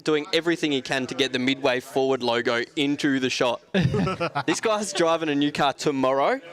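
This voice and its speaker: A man's voice: mid-range voice, normal speed, a bit bright. A man chiming in eagerly during a casual live show. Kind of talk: casual live-stream chat.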